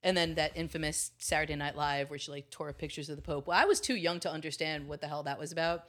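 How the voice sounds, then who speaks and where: A woman's voice: sits low, fast, a bit bright. A woman guesting on a podcast, chatting casually and giggling, with lots of "like". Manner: giggly, filler-heavy. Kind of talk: casual chat.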